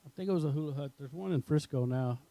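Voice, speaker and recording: A man's voice: a little high, quick pace, warm tone, poor audio. A man, co-hosting a podcast in casual chat, rambling and crude in his jokes. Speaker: podcast co-host.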